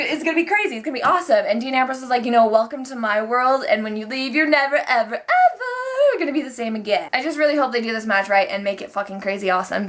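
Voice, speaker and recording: A young woman giving a casual, profane, animated vlog recap of a wrestling show, full of fillers and outbursts. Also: a little high. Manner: profane, animated, excitable, fast-talking with many fillers.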